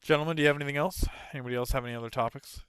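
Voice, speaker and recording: Man, podcast co-host, bright tone, moves topics along, apologetic, dry sound. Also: mid-range voice, steady tone, clear, resonant tone, dry recording. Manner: steers the talk, quick to apologize. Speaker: podcast co-host leading segments. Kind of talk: casual podcast chat.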